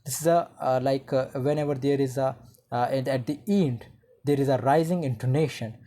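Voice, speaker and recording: A teacher delivers an explanatory online lecture in a mellow, dark-toned voice at an ordinary middle pitch. The explaining goes step by step, with frequent restarts and "uh, like" fillers between points. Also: moderate pace.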